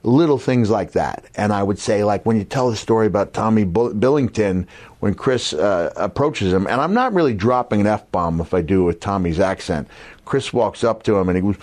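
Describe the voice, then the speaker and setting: A man's voice: lowish voice, expressive, normal speed, a little mellow. Rambling storyteller man. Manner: rambling storyteller, many fillers and restarts. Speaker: podcast host. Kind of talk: casual chat.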